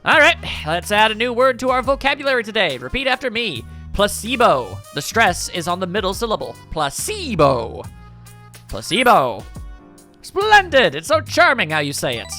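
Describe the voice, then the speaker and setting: Man putting on a smarmy game salesman boss, bright lively voice, faint music behind. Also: mid-range voice, moderate pace. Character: slick smooth-talking male salesman boss.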